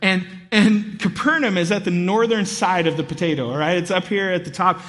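Bright-voiced man preaching in a hall. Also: high-pitched, brisk. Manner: animated storytelling, acts out voices. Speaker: pastor. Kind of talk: sermon. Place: church hall.

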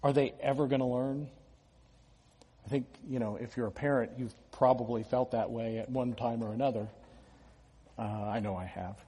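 A pastor delivering a conversational sermon, talking casually with restarts and the odd small laugh. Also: male voice, mid-range voice, fairly even intonation, normal speed, dark tone, breathy edge, long reverb tail.

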